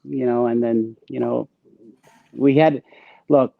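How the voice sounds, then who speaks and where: A man's voice: mid-range voice, steady tone, slow, creaky, no room sound. A man as an interview guest, telling stories in a casual, streetwise way with slang and stammering restarts. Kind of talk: casual storytelling. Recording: dull lo-fi dry sound.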